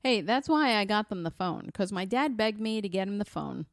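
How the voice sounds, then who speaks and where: A woman's voice: medium pitch, expressive, normal speed, gravelly, no echo, clean studio sound. A woman co-hosting a podcast, chatting casually and acting out quotes as she tells family stories. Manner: chatty storyteller, acts out quotes. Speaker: podcast co-host. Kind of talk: casual chat.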